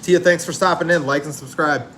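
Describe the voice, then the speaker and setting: A man's voice: a little high, steady tone, a little fast, fairly bright tone, slight background noise. A man hosting a casual livestream, rambling easily and chatting with viewers while he cooks outdoors at home. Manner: easygoing, rambling, laughs easily. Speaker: livestream host. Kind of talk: casual livestream chat, reading viewer comments.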